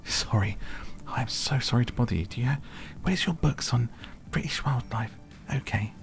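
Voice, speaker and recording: A man doing a squeaky, apologetic timid guy. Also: lively intonation, moderate pace, vocal fry, faint music behind. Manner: high-pitched, apologetic, non-threatening.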